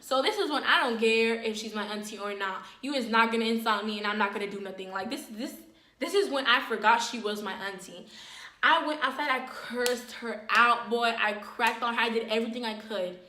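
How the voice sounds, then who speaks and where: A woman telling a personal story in a casual, animated vlog, full of fillers and dramatic retelling. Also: fairly high pitch, a little fast, echoey room, a little hiss or hum. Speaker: storyteller, vlogger.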